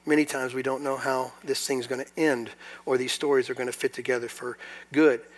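A man preaching a sermon to a congregation, moving between quiet, confiding asides and loud, emphatic passages and putting rhetorical questions to his listeners. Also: medium pitch, flat delivery, brisk. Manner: asks the audience rhetorical questions. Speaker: pastor. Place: church hall before a congregation.

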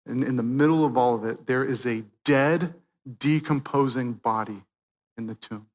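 A man preaching a sermon, swinging from loud, emphatic peaks to quiet, hushed moments. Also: mid-range voice, moderate pace, big-room sound. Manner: dynamic preaching, swelling loud then dropping soft.

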